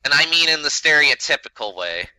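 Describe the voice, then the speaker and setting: A man's voice: a little high, sing-song, a little fast, bright, forceful tone, clear, resonant tone, no echo, rough recording. A man in a casual podcast discussion, blunt and exasperated, who swears freely.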